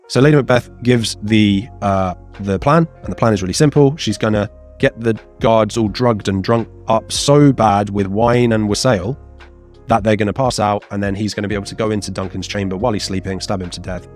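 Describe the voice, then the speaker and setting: Chatty low-voiced man teaching a lesson. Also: fairly quick, soft background music. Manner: chatty and animated, acting out quotes in playful voices. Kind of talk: casual exam revision lesson.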